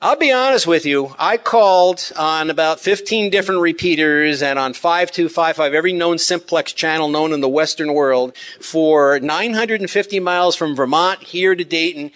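A man's voice: on the high side, a bit bright. A man giving a humorous, chatty talk to radio hobbyists, teaching with emphatic asides and frequent restarts. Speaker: ham radio presenter and teacher.

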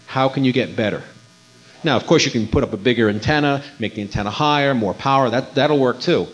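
In a dull lo-fi recording, a man with a mid-range voice speaks a little fast. He's an amateur radio contester giving a folksy, conversational instructional talk, frequently repeating himself as he goes.

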